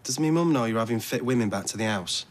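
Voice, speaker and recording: Mocking Northern English lad, lively and cheeky, actor, faint noise. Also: male voice, mid-range voice, quick pace, close to an everyday voice.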